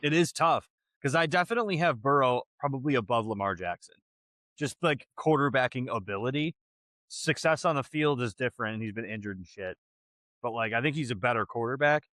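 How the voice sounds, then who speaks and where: A man's voice: medium pitch, expressive, brisk, bright, forceful tone, no room sound. A young man co-hosting a podcast, teasing his friend in easy casual banter. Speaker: podcast co-host. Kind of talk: casual chat.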